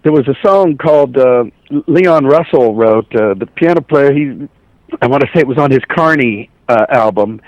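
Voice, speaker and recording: Middle-aged male guest, lively storyteller who acts out quoted lines; dry, muffled recording. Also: medium pitch, a little fast, dry recording. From Ohio, USA. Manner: animated anecdotes, acts out quoted voices. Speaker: voice actor, guest. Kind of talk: casual storytelling interview.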